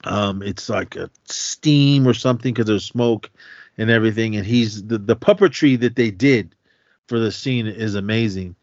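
A man's voice: fairly low pitch, normal speed, a little mellow, no room sound. Guy on a podcast retelling a movie, rambly, keeps restarting, dry slightly muffled sound. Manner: rambling, restarts sentences, laughs often, acts out quotes. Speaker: podcast co-host. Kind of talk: casual movie recap chat.

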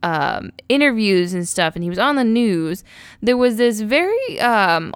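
A woman co-hosting a podcast in casual chat, talkative and quick to laugh, with frequent asides. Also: mid-range voice, big pitch swings, clean tone, dry recording, clean studio sound. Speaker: podcast co-host. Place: Houston-based podcast.

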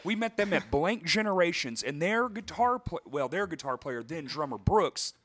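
A man co-hosting a casual podcast, swearing freely and telling lively stories about bands. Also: on the high side, moderate pace. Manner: profane, animated, acts out quoted voices. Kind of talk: casual chat, storytelling.

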